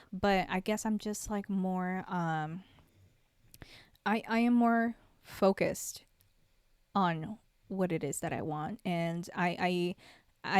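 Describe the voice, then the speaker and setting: A young woman talks unhurriedly on her solo podcast, her voice smooth and clear. She rambles and reflects, circling back with fillers and restarts. The sound is dry and close, with no room around it. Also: medium pitch, a little mellow, dry recording. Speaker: podcast host. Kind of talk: casual solo podcast talk.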